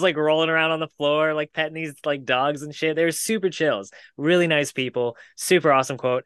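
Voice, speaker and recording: A man's voice: mid-range voice, sharp tone, clean tone, dry recording. A man, co-hosting a podcast and telling a long casual story to friends, swearing freely and laughing as he goes. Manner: rambling with many "like" fillers. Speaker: podcast co-host.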